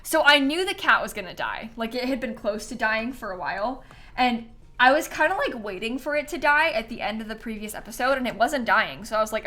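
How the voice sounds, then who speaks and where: A woman's voice: a little high, expressive, fairly quick, bright, forceful tone. A woman livestreaming a game, chatting casually and telling stories with frequent laughter. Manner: chatty storyteller, laughs often. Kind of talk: casual gameplay stream chat.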